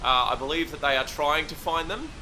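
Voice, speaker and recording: A man's voice: fairly high pitch, a little fast, bright, forceful tone, a little hiss or hum, low-quality recording. A man playing a bumbling field reporter. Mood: befuddled. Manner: hesitant, rambling, full of uh and um.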